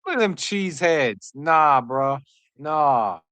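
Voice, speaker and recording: A woman hosting a live draft reaction stream, excitable and joking, answering chat as she goes. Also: low voice, slow, no room sound.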